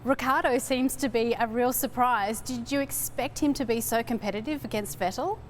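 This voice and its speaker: A woman hosting a motorsport magazine show, reading scripted links and asking interview questions in a poised, even delivery. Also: a little high, normal speed, slight background noise. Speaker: show host.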